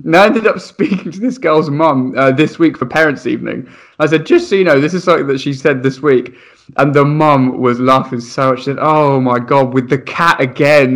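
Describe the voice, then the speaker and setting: A man's voice: fairly high pitch, normal speed. Laughing young man telling stories. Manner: animated, laughing, acts out voices in his anecdotes. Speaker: primary school teacher. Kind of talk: casual storytelling chat.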